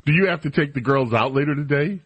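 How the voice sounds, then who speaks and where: A man's voice: a little high, fast, slightly rough, no echo, lo-fi sound. A man hosting a talk radio show, chatting casually and teasing his guest in an opinionated way.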